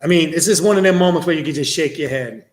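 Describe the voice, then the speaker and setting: Hosting a livestream, this man reads viewers' questions aloud and answers in a blunt, casual, profane way, launching into energetic, animated stories. He talks fast in a slightly high voice, and the sound is roomy.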